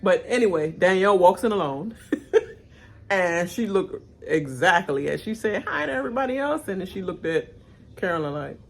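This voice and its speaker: Chatty woman reacting with lively swings. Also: normal speed, creaky. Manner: chatty, laughs often, acts out cast members' lines in high squealing voices. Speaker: reaction channel host. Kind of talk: casual live-watch reaction commentary.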